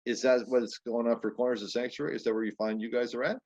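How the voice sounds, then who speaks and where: A man's voice: medium pitch, fairly even intonation, heavy background noise. A man hosting a podcast interview, chatty and informal as he asks questions. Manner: chatty, fast-talking. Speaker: podcast host. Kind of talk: casual interview talk. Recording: dull lo-fi audio.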